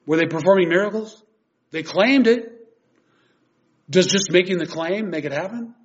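A man's voice: sits high, expressive, moderate pace. Earnest man preaching a sermon, lo-fi. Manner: earnest, emphatic preaching, reading scripture aloud. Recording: dull lo-fi recording.

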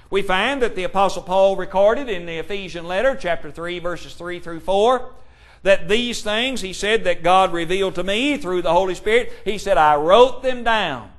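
A man preaching a sermon, reading scripture aloud and pressing his points with slow, deliberate emphasis. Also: high voice, a bit bright. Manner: reads scripture aloud in King James wording.

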